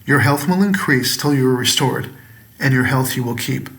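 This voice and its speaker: A man voicing a small, sinister creature servant who speaks calmly, politely and coaxingly in a storybook reading. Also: medium pitch, normal speed, natural voice. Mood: soothing. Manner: calm, courteous, coaxing.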